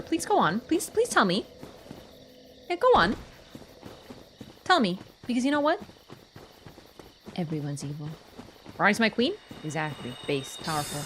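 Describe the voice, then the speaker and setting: A woman's voice: fairly low pitch, big pitch swings, normal speed, long pauses, background noise. A young woman livestreaming a game, chatting casually with a sarcastic, playful and teasing manner. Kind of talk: casual gaming livestream chat.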